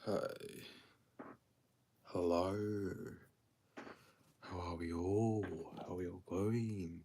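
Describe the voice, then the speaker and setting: A young man chats casually on a livestream, answering viewers in a tired, subdued, low-key way. His voice sits very low with a gravelly, creaky edge. A faint hiss of noise sits under the recording. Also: steady tone, extremely slow, mellow. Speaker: livestream host. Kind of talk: casual livestream chat reading comments.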